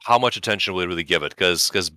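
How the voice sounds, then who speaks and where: A man co-hosting a casual podcast, recommending shows to his friends with animated, wry humor. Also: sits low, very fast, no echo, studio quality. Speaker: podcast co-host. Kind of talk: casual chat.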